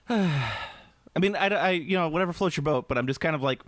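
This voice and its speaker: A man's voice: on the high side, lively intonation, normal speed, no room sound. A man from the Midwest, hosting a podcast and telling rambling, crude, joking stories in casual chat. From American Midwest. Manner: rambling storyteller, crude, jokey. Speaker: podcast host.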